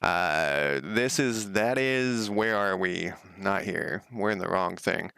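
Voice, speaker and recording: A man's voice: low-pitched, slow, gravelly, pushed and bright, clear, resonant tone, no echo, studio quality. A man streaming himself working on a game at home, thinking aloud in a casual, rambling way and often correcting himself. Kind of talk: casual live-coding commentary.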